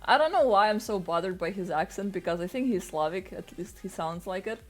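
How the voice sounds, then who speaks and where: A woman's voice: mid-range voice, expressive, brisk. A woman playing healer on a game stream, chatting casually, blunt and swearing freely. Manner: blunt, swears freely, loud when venting. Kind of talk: casual gaming chat.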